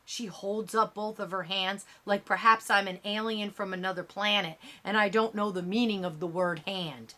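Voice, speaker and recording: A woman narrating a middle-grade novel in first person, with expressive, youthful storytelling. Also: medium pitch, normal speed, hardly any pauses. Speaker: audiobook narrator.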